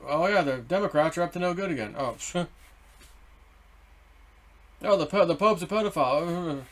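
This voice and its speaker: A middle-aged man telling a story in a rambling, excitable way, swearing and then softening his words. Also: fairly high pitch, normal speed, long pauses. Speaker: vlogger. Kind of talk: casual storytelling.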